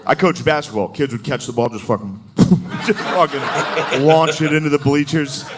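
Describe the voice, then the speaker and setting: A man's voice: on the high side, normal speed. A man doing a stand-up comedy set, crude and profane, laughing his way through his lines. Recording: noisy recording.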